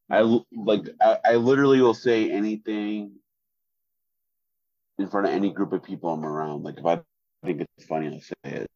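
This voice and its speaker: Very deep-voiced deadpan man. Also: no room sound, lo-fi sound. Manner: flat deadpan delivery, many fillers. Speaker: podcast co-host. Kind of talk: casual chat.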